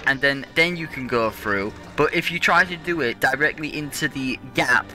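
A man's voice: medium pitch, normal speed, hardly any pauses, bright, forceful tone, soft background music. A young man commentating his own gameplay, ranting and swearing in frustration at the controls. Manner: frustrated, swearing, exasperated rants. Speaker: let's play gamer.

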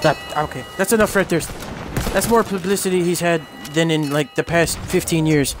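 A man's voice: a little high, steady tone, moderate pace, over music. A man commentating his own shooter gameplay, crude and joking and mocking himself. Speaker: gamer, channel host. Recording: game gunfire and explosions behind. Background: gunfire, artillery, vehicles.

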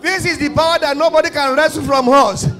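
A man with a Nigerian accent leading a fervent prayer sermon, often shouting and repeating his calls to the congregation. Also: very high voice, fairly even intonation, fairly quick, soft background music. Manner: impassioned, often shouting, repetitive exhortations. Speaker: pastor. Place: church service.

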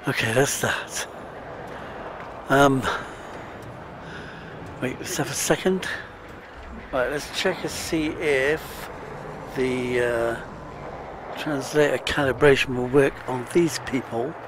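A man's voice: medium pitch, slow, long pauses, background noise. A British man giving casual, chatty commentary while playing a space exploration game, chuckling and muttering to himself as he goes. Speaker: let's play gamer.

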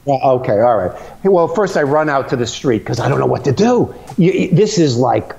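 Animated middle-aged man telling comic stories. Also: brisk, vocal fry, slightly rough. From Connecticut. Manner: lively storyteller, breaks into high laughing squeals. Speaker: comedian guest. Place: his home.

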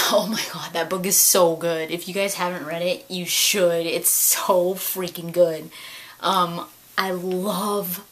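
A woman in her late twenties talks straight to camera in a relaxed home vlog, her voice sitting a little low for a woman. She rambles, stumbles over repeated words and breaks into laughter as her stories build. A faint hiss of noise runs under the recording. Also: rough recording. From California. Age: 20s. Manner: excitable storytelling, gushing, laughs often, repeats words. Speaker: vlogger. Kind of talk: casual chat to camera.

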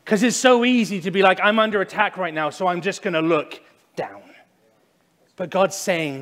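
A male pastor gives a sermon in a church, his voice sitting a little higher than most men's. He speaks in a relaxed, conversational way, acting out loud cries and then dropping to quiet, slow stresses. A long reverb trails his words through the room. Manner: conversational preaching, shifts from loud acted prayers to hushed, slow emphasis. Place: church sanctuary.

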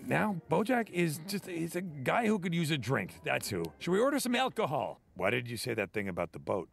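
A washed-up cartoon horse actor, bitter and self-pitying. His voice sits a touch high with a gravelly fry. It rises and falls in lively swings. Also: a little fast, full character voice. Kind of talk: cartoon voice acting.

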